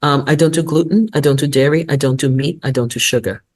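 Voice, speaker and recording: A woman's voice: deep voice, quick pace. A woman in her sixties, a guest on an interview show, telling stories and giving motivational advice with frequent laughter. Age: 60s. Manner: lively, laughs often, motivational, storytelling. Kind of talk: casual interview talk.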